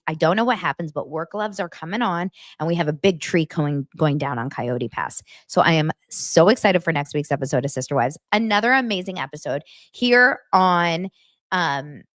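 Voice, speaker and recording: A woman's voice: on the low side, dry recording, clean studio sound. A woman hosting a podcast, chatting casually through a reality-TV recap and filling her speech with "like". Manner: chatty, fills with "like". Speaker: podcast host.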